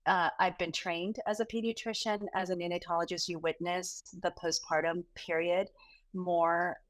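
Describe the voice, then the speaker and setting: A woman's voice: fairly low pitch, rough recording. A woman neonatologist and mother of four, talking animatedly in a podcast interview and laughing often. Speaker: guest neonatologist. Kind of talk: conversational interview.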